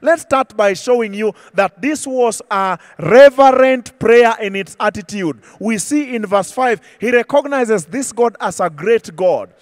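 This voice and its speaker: A man with a high, ringing voice preaches a fervent sermon, leaning hard on his words and easing into slower, quieter reading for scripture. The sound is close and dry, with almost no room around it. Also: animated, dry recording. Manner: impassioned preaching, slows and drops for scripture quotes. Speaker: pastor. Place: church.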